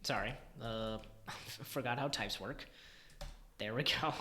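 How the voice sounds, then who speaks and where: Guy streaming himself coding, bright edgy voice, grumbles and half-whispers to himself, roomy echo. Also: medium pitch, slow, a little hiss or hum. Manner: exasperated muttering, drops to near-whispers. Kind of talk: thinking aloud while coding.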